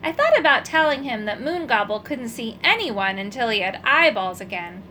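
Lady reading a kids story, lively up-and-down voice, bright tone. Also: a little high, normal speed, a little hiss or hum. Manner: expressive, animated storytelling. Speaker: audiobook narrator. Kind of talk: children's storybook narration.

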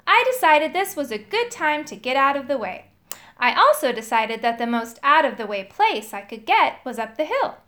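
High, lively woman reading a storybook. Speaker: storybook reader. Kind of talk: children's story read aloud.

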